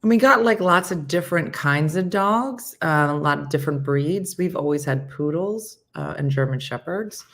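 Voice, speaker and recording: A woman hosting a morning show, chatting casually and telling a rambling, animated story with acted-out quotes. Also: sits low, normal speed, few pauses.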